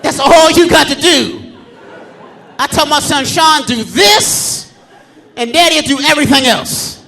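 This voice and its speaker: A man in his thirties doing live stand-up comedy on a theater stage, telling loud, profane stories about his kids and acting them out in squeaky shouts. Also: moderate pace, vocal fry, some chatter behind. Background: live audience laughter.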